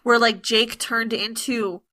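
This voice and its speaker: A woman co-hosting a casual podcast chat, blunt and animated, often laughing. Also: fairly high pitch, slow, a crowd in the background. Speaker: podcast co-host.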